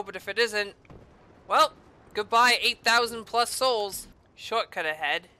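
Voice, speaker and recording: A woman giving casual gameplay commentary as a let's play host, loud and exclamatory, swearing heavily. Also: on the high side.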